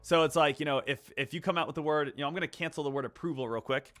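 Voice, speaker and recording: Bright-voiced man hosting a trading stream. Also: on the high side, very fast, soft background music. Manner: rambling, animated, many fillers. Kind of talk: casual live-stream chat.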